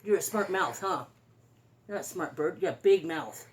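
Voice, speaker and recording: A woman's voice: on the low side, expressive, fairly quick. A woman teasing and scolding her pet bird on camera at home, mock-stern and laughing.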